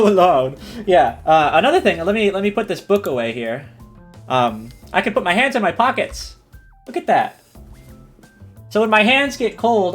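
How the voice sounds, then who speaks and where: A man streamer reading a silly story aloud and chatting with his viewers, animated and giggly. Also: high-pitched. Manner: animated, giggly, breaks into laughs.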